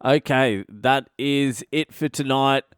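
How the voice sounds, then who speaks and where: Speaking slowly in a medium-pitched, clean voice, an Australian man in his thirties tells a crude, self-deprecating funny story on the podcast he hosts as a comedian. The recording is dry, with clean studio sound.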